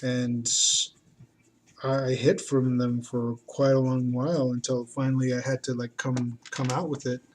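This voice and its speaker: Male artist, unhurried rambling delivery, many fillers, faint background hiss. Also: mid-range voice, little pitch movement, mellow. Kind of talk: casual talk while drawing.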